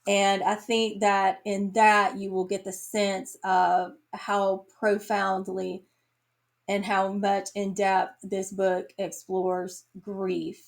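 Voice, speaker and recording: A woman reviewing books on her vlog, talking in a slow, earnest and emotional way, tearing up at times. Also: mid-range voice, level tone, creaky. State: tearful. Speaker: book reviewer. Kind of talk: casual book review vlog.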